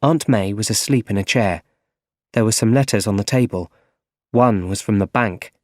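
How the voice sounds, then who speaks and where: A man narrating a story for English learners in a clear, measured reading. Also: lowish voice, a little mellow, no echo. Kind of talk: slow scripted story narration. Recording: dry close recording.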